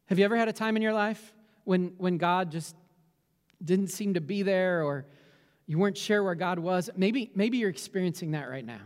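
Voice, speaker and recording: A man's voice: high voice, moderate pace, in a large hall. A middle-aged man, a pastor, praying and preaching earnestly, often repeating words as he restarts. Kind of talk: prayer and sermon. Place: church sanctuary with candles behind him.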